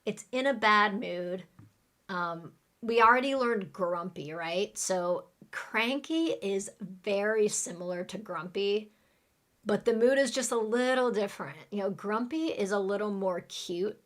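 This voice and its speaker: A woman's voice: mid-range voice, unhurried, a bit bright. A woman teaches English vocabulary in a live online class. She explains each word in plain, everyday terms and then leads her students through repeat-after-me drills.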